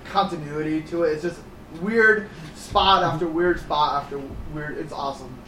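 A man telling the story of his friends' homemade film in a casual group chat, animated and laughing, slipping into voices. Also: on the high side, normal speed, recorded from a distance. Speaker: amateur filmmaker recounting his film. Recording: roomy echo, from off mic, faint noise.

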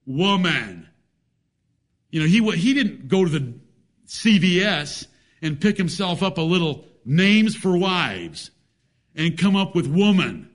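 Man, preacher, sermon, emphatic, rhetorical questions, folksy jokes, fairly high pitch.

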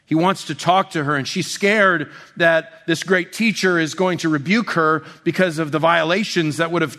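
A man preaching an expository sermon in a conversational way, full of restarts, dropping soft and slow on tender passages. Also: on the high side. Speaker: pastor.

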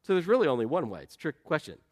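A man's voice: a little high, big pitch swings, racing, slightly rough. A middle-aged man preaching a sermon in an earnest, conversational way, asking the congregation questions and telling personal stories. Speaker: pastor.

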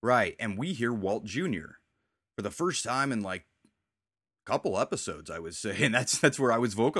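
A man's voice: mid-range voice, lively intonation, a little fast, a bit bright, breathy edge, no echo, studio quality. A man hosting a casual chat, rambling as he recaps TV scenes and quotes the characters' lines. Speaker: podcast host.

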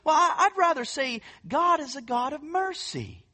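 A man putting on a soft, hesitant to impersonate a gentle-spoken preacher. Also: very high-pitched, sing-song, voice pushed up, full character voice. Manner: halting, hedging, gentle.

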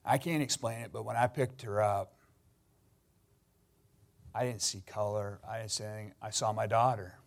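A middle-aged pastor from Canada giving a sermon, telling personal stories in an earnest, sometimes emotional way. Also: male voice, lowish voice, steady tone, moderate pace, creaky, pauses often.

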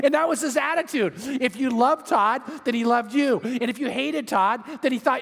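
A male pastor preaches with animated storytelling and often doubles up his words. His voice sits very high for a man. The long reverb of a large hall follows every phrase. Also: normal speed, creaky, few pauses, husky. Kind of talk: sermon.

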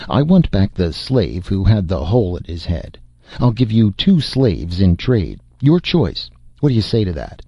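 A man's voice: lowish voice, sing-song, measured pace, slightly rough, no room sound, highs cut off, exaggerated voice. A man voicing a wry, resourceful male adventurer in an audiobook, with dry humor. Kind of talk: audiobook character voice.

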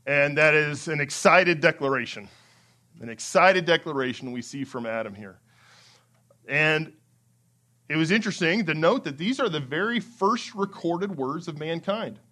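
A man preaching a sermon as pastor, conversational with small laughs, acting out excited quotes in a lively way. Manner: animated, acts out excited quotes with rising pitch.

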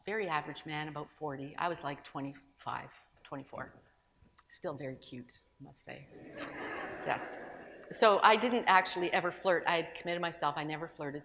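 Speaking in a low, fairly bright voice, a woman addresses a gathering in a large room with an audience, and the sound carries that big-room quality. She tells a personal story in a conversational, sermon-like manner, full of asides and restarts.

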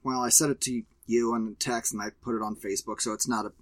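A man's voice: mid-range voice, little pitch movement, fast, no room sound. A man co-hosting a casual movie review chat, blunt and profane, ranting emphatically about films he loves and hates. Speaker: podcast co-host.

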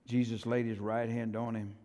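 A man preaching a sermon as pastor, telling the story dramatically with loud, high bursts and quiet, plain-spoken asides. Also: flat delivery, moderate pace. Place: church sanctuary. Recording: long hall reverb.

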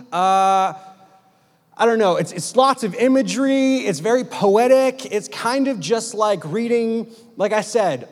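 High-voiced young man preaching casually. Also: in a large hall. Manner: casual, joking preaching with slang. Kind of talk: sermon.

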